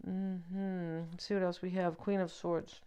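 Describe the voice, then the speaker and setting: A woman's voice: fairly low pitch, level tone, measured pace, dark tone, clean tone. A woman giving a casual tarot reading, chatty and joking, with lots of fillers and asides to the viewer. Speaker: tarot reader.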